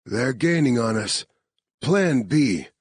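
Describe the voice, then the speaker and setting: A gruff, confident soldier who keeps his words short and sure. His voice is slightly raised and husky. A man reads his lines in an audiobook. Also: medium pitch, animated, slow pace, no echo, clean studio sound, pitched above the performer's own voice. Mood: curt. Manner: curt and self-assured.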